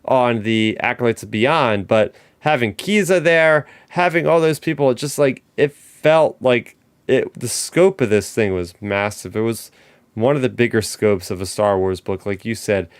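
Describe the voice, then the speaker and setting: A man's voice: mid-range voice, normal speed, clear, resonant tone, no echo. A man hosting a podcast and chatting eagerly as a fan, with many fillers and restarts. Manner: excited fan talk, lots of "like" and restarts. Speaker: podcast host. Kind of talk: casual chat.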